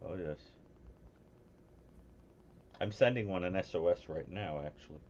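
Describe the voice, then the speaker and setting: A man co-hosting a casual call-in show, an animated, self-mocking storyteller on a remote mic. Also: low voice, unhurried. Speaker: co-host. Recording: dull lo-fi call audio, faint noise.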